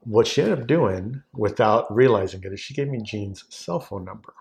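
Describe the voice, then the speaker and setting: Brief: forties, fairly low male voice, lively storyteller who jumps up high for quotes. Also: moderate pace, creaky. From Southern California. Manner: animated, acts out quoted voices with big pitch jumps. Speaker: guest, wine sales executive. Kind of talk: casual anecdotal storytelling.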